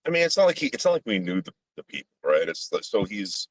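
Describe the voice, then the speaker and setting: A man's voice: fairly low pitch, very animated, fast, no echo. A man hosting a casual livestream chat, rambling with fillers and restarts and swearing bluntly. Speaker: podcast host.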